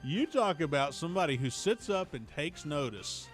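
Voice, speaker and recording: A man, co-hosting a morning radio show and telling stories with animated laughter. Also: fairly high pitch, normal speed, soft background music. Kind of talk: casual radio banter.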